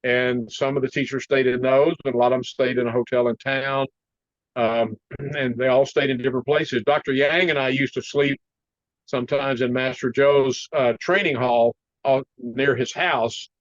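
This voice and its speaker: A man telling a story in a casual interview, animated and laughing often, clearing his throat now and then. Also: mid-range voice, normal speed, no echo, muffled recording. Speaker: martial arts teacher, interview guest.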